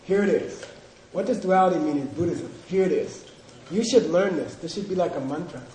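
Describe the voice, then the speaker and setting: A man teaching Buddhist philosophy to a class, drilling students in call-and-response and coaxing them with teasing, animated prompts. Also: high voice, brisk, roomy sound, a little hiss or hum, rough recording.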